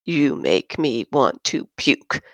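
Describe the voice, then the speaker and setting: A woman's voice: lowish voice, slow pace, clear, resonant tone, no room sound. A woman doing a bitter, drunk veteran pilot. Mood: scornful. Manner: blunt, scornful, slurred.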